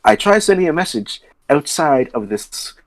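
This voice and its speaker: A man's voice: a little high, moderate pace, a little hiss or hum. A man running a tabletop game as game master over an online voice call, setting scenes and asking the players questions. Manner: explains calmly, sets scenes, asks players questions.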